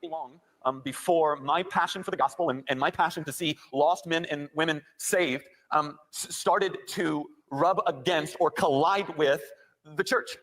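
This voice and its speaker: A man preaching a sermon, telling a personal story that builds to impassioned shouting. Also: fairly high pitch, a little slow. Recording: sermon clip played back.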